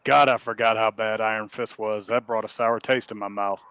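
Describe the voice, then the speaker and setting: A man co-hosting a casual movie review chat, joking and quick to agree. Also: on the low side, fairly even intonation, noisy background. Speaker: podcast co-host.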